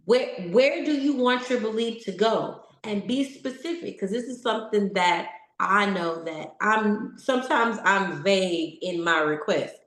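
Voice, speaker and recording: A woman's voice: mid-range voice, echoey room. A woman giving a conversational motivational talk to a live audience, encouraging and full of questions. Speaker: motivational speaker.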